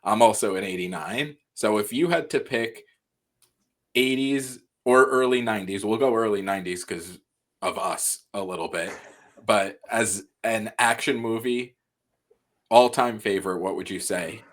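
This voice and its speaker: Low-ish voiced guy in his 30s from long island hosting a podcast, laid-back and jokey. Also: measured pace. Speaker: podcast host. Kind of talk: casual podcast chat.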